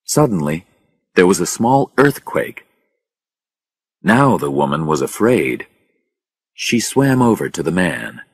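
A man narrating a simplified story for English learners in a slow, very expressive reading. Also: low-pitched, breathy edge, no echo, clean studio sound.

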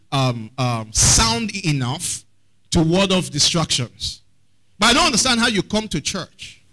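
A man's voice: high voice, bright, forceful tone, rough recording. A man preaching a sermon as pastor, often asking the congregation questions.

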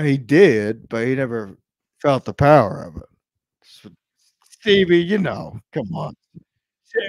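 A man appears as a podcast guest, chatting in a brash, profane, rambling way and swinging between loud outbursts and low mutters. The recording has no echo.

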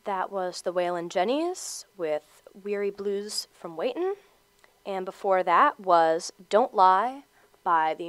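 A woman's voice: medium pitch, no room sound. A young woman hosting a student radio show, announcing the songs in an upbeat, friendly tone from the studio. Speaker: radio host.

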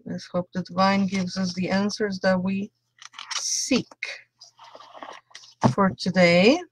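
A woman's voice: medium pitch, level tone, slow pace, a little hiss or hum. A woman tarot reader doing a chatty live-stream reading, greeting viewers by name and laughing often.

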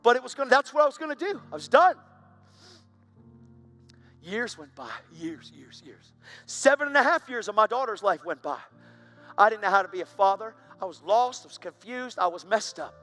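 A man's voice: sits high, lively intonation, fairly quick, bright, forceful tone, faint music behind. A man preaching, telling his own story in an intense, dramatic way. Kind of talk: sermon testimony.

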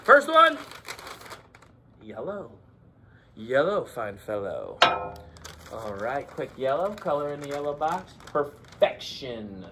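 A man's voice: medium pitch, huge pitch swings, slow pace, pauses often, noisy background, voice pushed down, exaggerated voice. A man in his forties putting on the voice of a jolly, playful pirate for a children's lesson, with growly "arr"s between his jokes. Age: 40s.

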